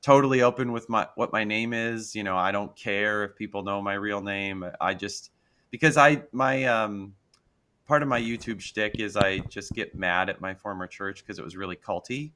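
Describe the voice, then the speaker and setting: Bright-voiced joking man. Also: lowish voice, moderate pace. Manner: joking, rambling. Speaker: guest YouTuber. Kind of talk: casual chat.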